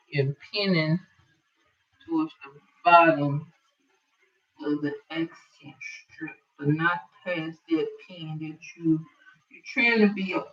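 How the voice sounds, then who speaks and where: Her voice is deep but fairly bright in tone, picked up far from the mic with a dull lo-fi quality. She's a quilting instructor giving a casual sewing tutorial, talking through her thoughts while she works.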